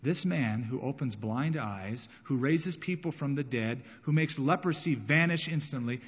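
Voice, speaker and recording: A man preaching a sermon to his congregation, dramatic and expressive, often acting out the voices of the people in the story. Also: mid-range voice, measured pace, few pauses, husky, long reverb tail, highs cut off. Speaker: pastor.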